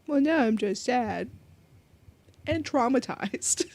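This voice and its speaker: A woman's voice: high-pitched, lively intonation, drawn-out words, a little mellow. A young woman streamer reading a story game aloud, with playful, giggly asides. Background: faint background music.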